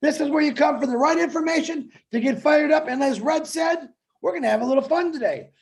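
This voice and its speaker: A strikingly high-pitched man from the United States hypes up a livestream audience. He shouts with pumped-up energy as he greets viewers on a video call. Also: fairly quick. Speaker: co-host. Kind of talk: hyped-up livestream shout-outs.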